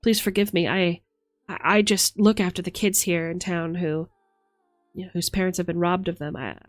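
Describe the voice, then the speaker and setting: A woman's voice: mid-range voice, lively intonation, moderate pace, no echo, clean studio sound, close to an everyday voice. A woman voicing a big, motherly village cook who cares for orphans and speaks humbly and anxiously to knights. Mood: anxious, humble. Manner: fretful, deferential, rural speech.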